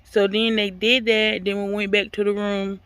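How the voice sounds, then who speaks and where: A woman vlogger telling a personal story in a casual, animated way, talking straight to her viewers. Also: medium pitch, moderate pace, clean tone, no room sound.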